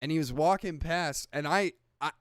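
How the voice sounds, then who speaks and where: A man's voice: on the high side, moderate pace, a bit bright, smooth, dry recording, studio quality. A man co-hosting a podcast, telling stories in rambling casual chat full of filler words and swearing. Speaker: podcast co-host.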